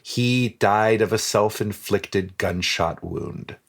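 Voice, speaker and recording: A man's voice: fairly low pitch, slow pace, creaky, fairly bright tone. Hesitant man recounting a story. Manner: hesitant, many ums and restarts while recounting facts. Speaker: podcast co-host presenting the story. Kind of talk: casual podcast banter.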